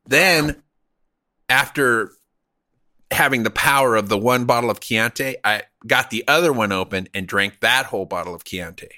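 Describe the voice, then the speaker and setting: A man's voice: medium pitch, pushed and bright. A middle-aged man casually telling a crude, rambling anecdote with frequent laughs. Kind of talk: casual storytelling.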